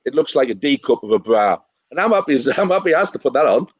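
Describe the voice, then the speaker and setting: A man's voice: medium pitch, very animated, quick pace, muffled recording. A man, a guest joking cheekily through casual banter on a video call. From England. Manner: cheeky, joking, laughing through his stories. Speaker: guest, fan taking over the show.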